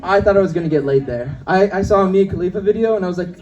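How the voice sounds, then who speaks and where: A young man works a comedy club stage with a brash, quick-shifting delivery. His voice sits high for a man, and he switches into other voices to act out scenes. The sound comes through the club mic from some distance. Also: darkish tone, highs cut off. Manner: brash, fast-shifting, acts out voices of people in his stories. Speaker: stand-up comedian. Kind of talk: stand-up comedy set. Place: comedy club with live audience.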